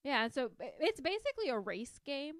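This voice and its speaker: A woman's voice: high-pitched, sing-song, a little fast, no echo. A woman co-hosting a podcast, chatting enthusiastically about a board game and rambling a little. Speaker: podcast co-host. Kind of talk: casual board game chat.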